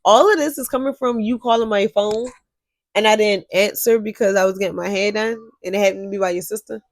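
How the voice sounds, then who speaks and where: A young woman telling a story to her viewers in a casual vlog, animated and swearing freely. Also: medium pitch, brisk, no echo. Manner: animated, profane, talks straight to viewers. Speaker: storyteller vlogger.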